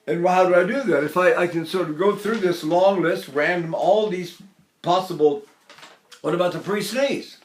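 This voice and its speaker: A man's voice: sits high, normal speed. Older male voice teacher, echoey room. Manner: explains, then breaks into sung la and pa exercises. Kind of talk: singing lesson with vocal demonstrations.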